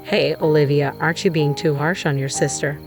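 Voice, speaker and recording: Woman playing a strained urgent husband, deep voice, music behind. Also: steady tone, a little fast. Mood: defensive. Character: adult husband, strained and defensive.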